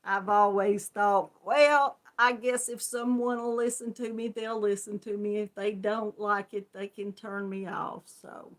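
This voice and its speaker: A woman's voice: medium pitch, steady tone, measured pace, hardly any pauses. A woman with a country Southern Georgia accent, hosting a casual live chat stream, greeting viewers by name and laughing often.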